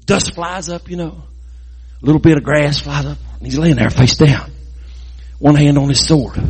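A man telling a Bible story in a lively, folksy way, adding sound effects and jokes. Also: a little high, normal speed, slight background noise.

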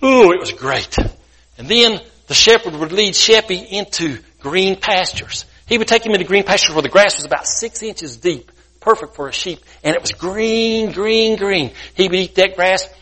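A guest preacher tells a sermon story in a folksy, colloquial style. His voice is a little high and comes across bright and forceful. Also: animated, moderate pace.

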